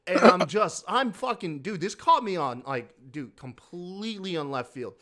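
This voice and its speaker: A man's voice: high voice, moderate pace. A man hosting a podcast, telling a story in a casual, profane, rambling way. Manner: profane, animated, breaks into laughs. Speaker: podcast host.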